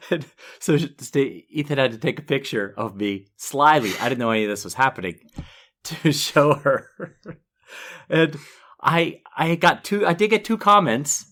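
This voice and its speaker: A man's voice: a little high, animated, measured pace, fairly bright tone. A middle-aged man co-hosting a podcast, telling a self-deprecating story in casual chat and laughing often. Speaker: podcast co-host.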